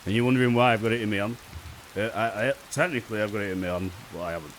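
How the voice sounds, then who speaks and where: A young man with a fairly low voice talks very fast into a desk microphone on a magnetic mount, with a little hiss or hum in the background. Hosting a gaming video, he rambles casually about his gameplay, joking and swearing freely.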